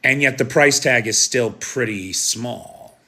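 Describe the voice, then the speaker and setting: A man's voice: mid-range voice, slow, bright, forceful tone. An American man giving live, opinionated news commentary in a conversational way, often asking "right?". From United States.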